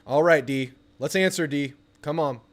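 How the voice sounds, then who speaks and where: A young man hosting a live football watch party, chatting casually about the game and bursting into excited yelling at the TV on big plays. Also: a little high, moderate pace. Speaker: sports channel host.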